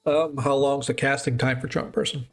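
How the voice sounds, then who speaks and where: A man's voice: medium pitch, flat delivery, moderate pace, soft background music. A man narrating as dungeon master in loose, rambling narration. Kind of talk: narrating a tabletop game.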